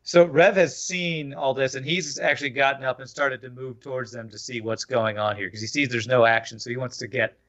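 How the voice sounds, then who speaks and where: A man playing a tabletop role-playing game, calmly describing what his character does. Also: mid-range voice, brisk, few pauses, highs cut off. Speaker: player.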